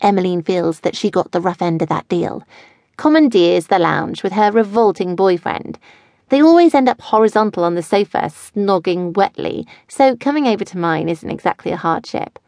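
A woman's voice: medium pitch, lively intonation, moderate pace, darkish tone, no echo. A woman narrating a first-person audiobook in a wry, chatty way. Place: studio.

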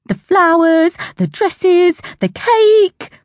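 A woman voicing a romantic, excitable middle-aged aunt in a children's storybook, with a dreamy, gushing manner. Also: high-pitched, measured pace, no echo, studio quality, pitched above the performer's own voice.

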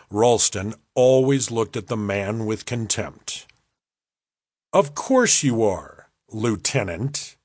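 A man narrating an audiobook in a measured, unhurried storytelling manner, close on a studio mic. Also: mid-range voice, slightly rough, no echo. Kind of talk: scripted narration.

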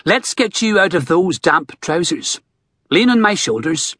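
A man's voice: sits high, big pitch swings, a little slow, pushed and bright, husky, dry recording, clean studio sound, heavily acted. A man voicing an earnest, emphatic young male doctor, in an audiobook.

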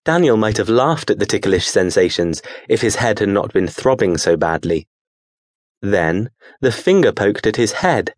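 A man narrating an audiobook in a measured, steady storytelling manner. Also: fairly low pitch, no room sound, clean studio sound.

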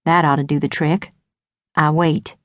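A woman narrating a first-person audiobook with wry, knowing, deadpan asides. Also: low voice, unhurried, dry recording.

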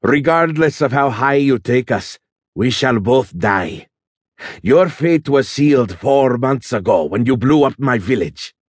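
A man voicing a proud, menacing young male terrorist with a Dari accent, speaking slowly and quietly. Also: medium pitch, slightly rough, no room sound, studio quality.

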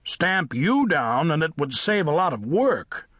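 A man voicing a blunt, no-nonsense male farm cat in an audiobook, speaking gruffly and matter-of-factly. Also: fairly high pitch, big pitch swings, a little slow, a bit bright, dry recording, clean studio sound, exaggerated voice. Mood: mocking. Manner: gruff, warning, matter-of-fact. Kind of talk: audiobook character voice.

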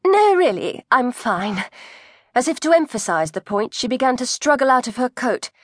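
A woman narrating an audiobook in a crisp, measured storytelling voice, close to the microphone. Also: lowish voice, dry recording. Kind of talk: scripted narration.

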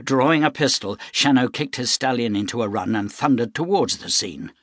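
A man narrating an audiobook in measured, dramatic storytelling. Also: mid-range voice, a bit bright, no room sound, studio quality. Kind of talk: scripted narration.

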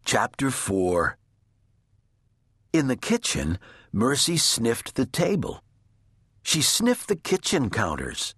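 Guy reading a kids book slow, husky voice, bouncy melody. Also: mid-range voice, wildly swooping pitch, no echo, clean studio sound. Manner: gentle, deliberate storytelling. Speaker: audiobook narrator. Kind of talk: children's storybook narration.

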